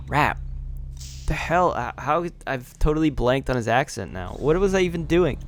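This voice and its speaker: A man's voice: mid-range voice, expressive, slow pace, pauses often, slight background noise. A man commenting casually on his gameplay, rambling and swearing, laughing at himself, a little tipsy. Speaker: let's play gamer.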